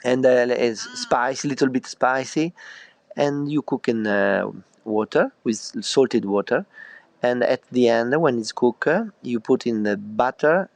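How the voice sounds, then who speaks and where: A middle-aged Italian man, a chef, answering interview questions in halting, filler-heavy English with an Italian accent and slips into Italian. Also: mid-range voice, gravelly, no room sound. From northern Italy. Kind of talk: interview over a call.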